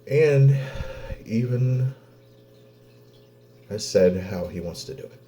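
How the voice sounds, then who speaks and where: Near tears, an Oklahoma dad records a personal vlog to vent, swearing a lot, speaking bluntly and stopping in halting pauses. His medium-pitched voice is animated and mellow, with a little hiss or hum in the sound.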